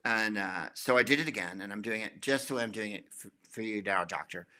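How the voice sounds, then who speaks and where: A man's voice: on the low side, brisk, sharp tone. A middle-aged American man, a guest comedian, telling rambling stories with wry jokes. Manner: rambling, wry, jokey storytelling. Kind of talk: casual anecdotal interview.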